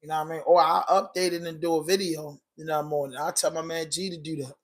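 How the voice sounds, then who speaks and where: A man's voice: on the high side, flat delivery, fast talker. A man with a Baltimore accent hosting a casual livestream podcast, talking loosely in slang while answering viewer comments. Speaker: podcast host.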